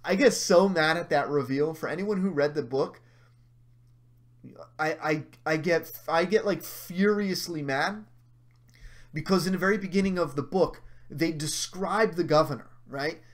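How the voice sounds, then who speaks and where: Man, livestream host, casual chat, slightly high voice, profane, heated rants, mocking asides. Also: measured pace.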